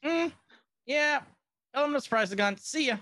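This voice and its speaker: A man's voice: extremely high pitch, expressive, moderate pace, sharp tone, no echo, clean studio sound, voice pushed up, full character voice. A man retelling a show, quoting a curt, cautious soldier leader in his own voice.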